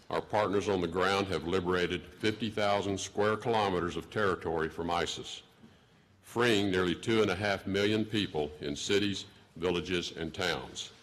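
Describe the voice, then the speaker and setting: A man in his sixties with a Texan accent, delivering a formal prepared speech in a measured, deliberate way. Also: deep voice, fairly bright tone. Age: 60s. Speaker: government official giving a speech.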